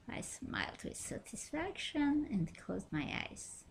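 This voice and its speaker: A woman's voice: high voice, wildly swooping pitch, slow, vocal fry, few pauses, husky. A woman reading her own first-person memoir aloud, telling it in a wry, self-mocking way.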